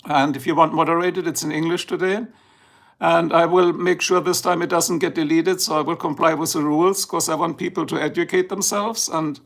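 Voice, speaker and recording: Just woken up, a middle-aged German-accented man chats and rambles casually while hosting a livestream, switching between English and German. His voice has a fairly high pitch with vocal fry.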